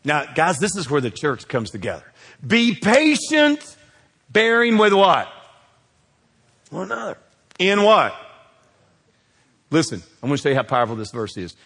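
Middle-aged man, pastor preaching, fairly high voice, rises loud then drops to a hush, long hall reverb. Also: big pitch swings, normal speed, pauses often, slightly rough. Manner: swings between loud exhortation and hushed asides. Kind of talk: sermon.

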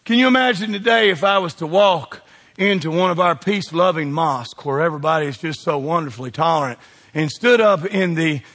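A man preaching a sermon, folksy and emphatic, dropping low and rising to shouts. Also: a little fast. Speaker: pastor.

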